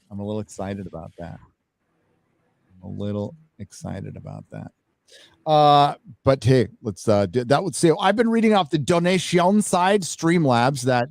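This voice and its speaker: A man's voice: mid-range voice, darkish tone, no room sound. A man hosting a live stream, chatting casually and bluntly with lots of swearing while reading out donations. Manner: blunt and profane, reads out donations. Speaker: host.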